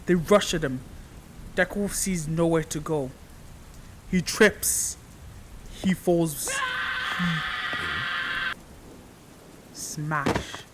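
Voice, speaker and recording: A man narrating an improvised fan story in a casual, halting way, often repeating his phrases. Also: a little high, sing-song, heavy background noise.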